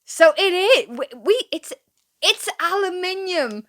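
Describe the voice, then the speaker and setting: A British woman hosting a reaction video, chatty and quick to laugh and exclaim. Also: extremely high pitch, expressive, fairly bright tone. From Britain. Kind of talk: casual reaction commentary.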